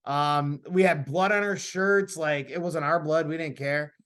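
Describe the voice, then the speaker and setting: A man in his thirties, a podcast host, telling a story in casual chat, animated and laughing as he talks. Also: fairly high pitch, unhurried, clean tone.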